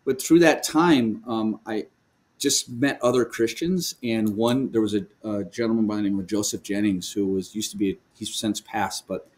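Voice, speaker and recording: A man speaking as a guest in a remote video call interview, telling a personal story with lively energy, frequent laughs and restarts. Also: lowish voice, normal speed. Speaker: guest, worship leader. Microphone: video call microphone.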